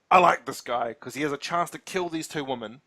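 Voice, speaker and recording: Animated man, chatty podcast co-host. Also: a little high, moderate pace. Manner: animated, acts out quotes with laughing asides. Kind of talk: casual chat.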